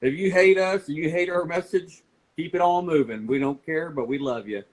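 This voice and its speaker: A man's voice: a little high, moderate pace, noisy background. A man co-hosting a casual talk to camera, speaking bluntly and plainly. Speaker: co-host parent.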